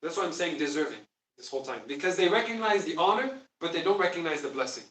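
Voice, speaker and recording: A man's voice: on the high side, animated, fast, a bit bright. A man teaching a Quran class, explaining emphatically and quizzing his students. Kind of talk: classroom lesson. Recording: echoey room, distant mic.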